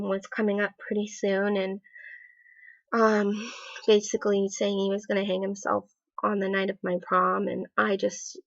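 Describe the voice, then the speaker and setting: A woman's voice: mid-range voice, gravelly, a bit bright, dry recording. A young woman telling a personal story in a vlog, rambling and full of fillers. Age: young adult. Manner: rambling, filler-heavy retelling with many "like"s. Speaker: vlogger. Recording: dull, lo-fi sound.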